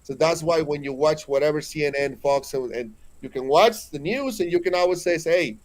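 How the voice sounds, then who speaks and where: A Mexican-accented man in his forties speaks as an interview guest, pitched a little above most men. He tells spiritual stories earnestly and with emphasis, often stumbling and restarting his sentences. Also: fairly quick, a little mellow. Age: 40s.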